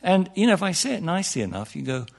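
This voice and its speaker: A man's voice: high voice, big pitch swings, racing, gravelly. A man giving an informal, humorous talk on meditation to an audience, full of asides and "you know"s, his voice jumping up for emphasis. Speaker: meditation teacher.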